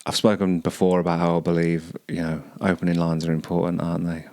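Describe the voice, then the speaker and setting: Low-voiced guy talking through song lyrics, hesitant, dry close sound. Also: monotone, fast, darkish tone, no echo. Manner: hesitant, searching for words, many restarts. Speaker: podcast host. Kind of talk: musing commentary on song lyrics.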